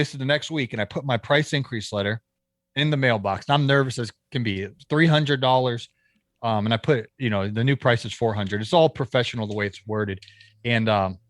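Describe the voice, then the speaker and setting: A man, a landscaping business owner, telling a story as a podcast guest, lively and acting out the people he quotes, with frequent restarts. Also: mid-range voice, no echo, clean studio sound. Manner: animated storyteller who acts out quoted dialogue. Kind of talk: casual storytelling interview.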